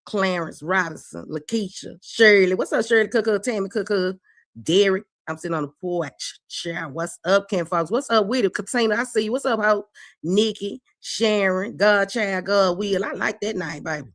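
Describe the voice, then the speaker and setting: A middle-aged woman with a country Southern twang chats on a casual livestream, brash and profane as she calls out her viewers by name. Her voice sits at an ordinary pitch with a dry, close sound. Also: moderate pace, fairly bright tone, no echo. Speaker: livestream host. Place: porch.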